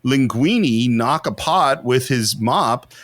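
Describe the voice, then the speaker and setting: A man co-hosting a podcast, chatting casually and in an animated way about a film, acting out quotes as he goes. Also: medium pitch, dry recording. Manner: animated, quick asides, acts out quotes. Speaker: podcast co-host.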